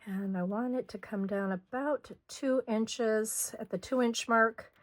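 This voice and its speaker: A middle-aged woman hosting a hands-on scrapbooking tutorial, chatting casually as she works and clearing a slightly hoarse throat now and then. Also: on the high side, unhurried, no room sound. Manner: chatty, talks while working, frequent throat clearing. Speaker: scrapbooking host.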